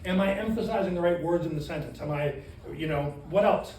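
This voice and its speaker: A high-pitched man leads a training class, animated and quick to quiz the people in front of him. He is caught from across an echoey room, with a faint hum of room sound behind him. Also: distant mic. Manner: animated, asks the room questions. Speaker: sales trainer.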